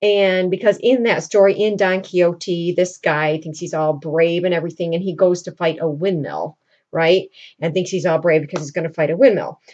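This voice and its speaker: A woman's voice: lowish voice, moderate pace, darkish tone. A woman teacher casually recapping a reading assignment for her students, in a chatty storytelling way with plenty of fillers. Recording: dull lo-fi recording.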